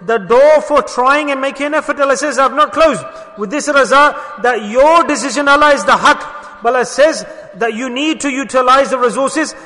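A man with a very high, bright voice preaches a sermon. He presses his points with emphatic rhetorical questions and often drops to soft, low murmurs. His voice rings with the long reverb of a large hall. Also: moderate pace.

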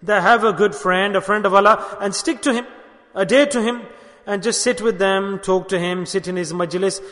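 A man's voice: high-pitched, normal speed, fairly bright tone. A man preaching a sermon, telling a story and urging his listeners, with Urdu and Arabic religious words woven in. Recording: long hall reverb.

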